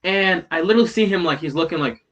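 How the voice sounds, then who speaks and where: A man casually telling a story, swearing a lot, tagging lines with "right?" and "bro", rising loud in the heated parts and dropping low in the asides. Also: fast talker, muffled recording. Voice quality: heavy swearing, slangy, repeats "right?" and "bro". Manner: animated, swings from loud retelling to low mutters.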